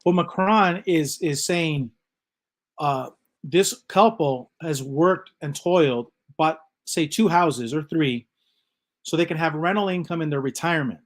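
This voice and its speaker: A man co-hosting a talk show who speaks haltingly, repeating words as he goes and often murmuring agreement. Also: on the high side. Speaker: co-host. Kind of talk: casual talk-show commentary.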